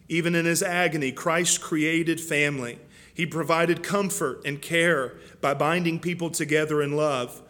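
A man's voice: on the high side, fairly even intonation, a little slow, fairly bright tone. A man preaching a sermon as pastor in a church, earnest and impassioned, often repeating words as he goes.

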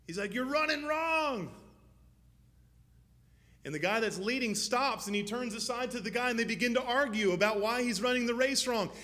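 A man preaching a sermon as pastor, moving from low, measured teaching to loud, fervent exhortation. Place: church.

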